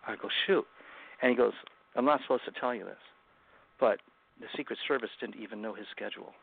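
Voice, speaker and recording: Guest author, male, gravelly voice, earnest halting delivery, tinny call audio. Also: lowish voice. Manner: earnest, halting retelling with many restarts. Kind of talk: personal storytelling in an interview. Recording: phone-like remote call line.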